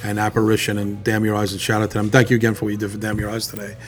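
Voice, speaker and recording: A man's voice: fairly low pitch, completely flat delivery, rapid-fire. A man who works as a band manager, talking bluntly in a casual chat and swearing freely.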